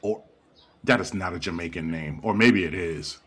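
A man in his thirties telling stories in a casual chat with friends, animated and quick to laugh and swear. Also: low voice, slightly rough. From Haitian family. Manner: animated storytelling, laughs often, swears freely.

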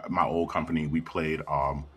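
Deep husky man, animated chat. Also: moderate pace. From Haitian family. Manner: animated storytelling, laughs often, swears freely. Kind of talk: casual chat.

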